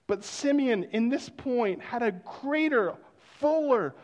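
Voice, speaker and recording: A male pastor with an extremely high-pitched voice delivers a sermon like he's telling a story in conversation. Now and then he drops to hushed exclamations of wonder.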